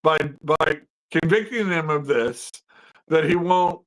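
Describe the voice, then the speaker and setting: A man's voice: fairly high pitch, takes it slowly, fairly bright tone, rough recording. A man co-hosting a political talk show, making his points emphatically and ending them with "right?". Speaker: podcast co-host.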